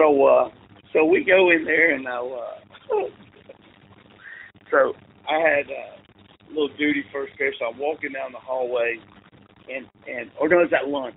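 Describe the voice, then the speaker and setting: Here a male football coach with a high-leaning, fry-tinged voice spins meandering anecdotes as an interview guest, breaking into laughs and starting over. It's casual storytelling captured on thin, call-quality audio with a little background noise.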